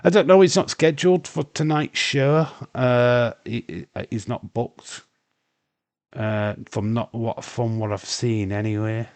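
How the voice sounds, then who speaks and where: A man's voice: medium pitch, steady tone, measured pace, darkish tone, dry recording. A man with a Yorkshire accent hosting a casual live watch-along stream, swearing freely, reading chat messages aloud and rambling with restarts. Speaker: livestream host.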